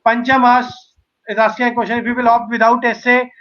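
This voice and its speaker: Male webinar host, high voice, piles up phrases in lists, recorded over a muffled call line. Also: flat delivery, fairly quick, a bit bright. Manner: repetitive, listing phrases in a row. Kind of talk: live webinar moderation and promotion.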